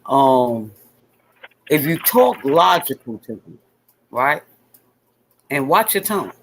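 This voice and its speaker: A woman's voice: extremely low pitch, sing-song, takes it slowly, a little hiss or hum. A woman hosting a casual chat, speaking bluntly and repeating her points for emphasis. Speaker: host.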